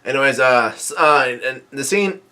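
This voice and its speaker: Halting, filler-heavy man recapping a chapter. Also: mid-range voice, sharp tone. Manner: halting, many fillers and restarts; reads quoted lines in a plain narrating voice. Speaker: manga reaction vlogger.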